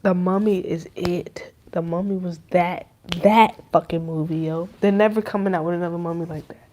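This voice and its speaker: A woman's voice: on the low side, fairly even intonation, moderate pace, warm tone. A young adult woman hosting a podcast, rambling in loose, profane slang in casual chat. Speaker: podcast host.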